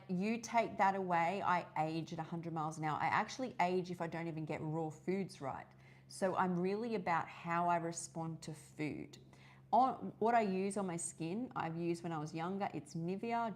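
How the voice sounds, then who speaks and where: An Australian woman hosting a casual live-stream chat, rambling and chatty with many fillers and restarts. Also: mid-range voice. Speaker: host of a live wellness session.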